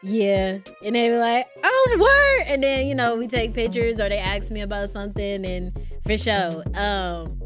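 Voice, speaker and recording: A young woman in her twenties, a guest in casual chat, telling animated stories with laughter and swearing. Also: mid-range voice, normal speed, over music.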